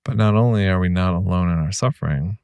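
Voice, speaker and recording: A man's voice: sits low, fast talker, vocal fry, darkish tone, clear, resonant tone, no room sound. A man hosting a reflective podcast monologue, speaking earnestly and reassuringly straight to the listener. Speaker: podcast host.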